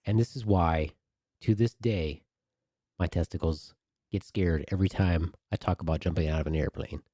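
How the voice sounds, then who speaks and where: A man on a podcast telling an animated story with crude humor in a casual way. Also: sits low, moderate pace, no room sound, clean studio sound. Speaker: podcast co-host.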